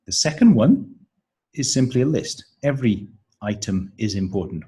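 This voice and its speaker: A man giving a pronunciation lesson for teachers, modelling intonation patterns and counting syllables out slowly and deliberately. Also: mid-range voice, lively intonation, mellow, breathy edge, rough recording. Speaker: teacher trainer.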